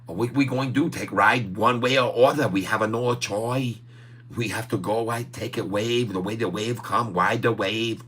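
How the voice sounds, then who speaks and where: A man's voice: on the low side, steady tone, normal speed, fairly bright tone, husky, voice pushed up. A man putting on a clowning broken-English voice, with exaggerated grammar and giggles. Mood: playful.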